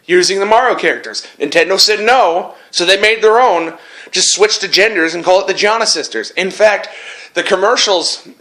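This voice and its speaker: A man's voice: high voice, pushed and bright. A man hosting his channel, delivering an angry, profane rant full of sarcasm and swearing. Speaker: channel host.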